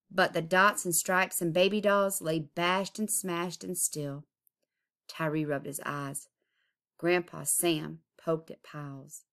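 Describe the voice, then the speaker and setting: Slow, low-voiced woman reading a storybook. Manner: expressive, with chanted rhyming refrains. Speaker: art teacher. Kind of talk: storybook read-aloud.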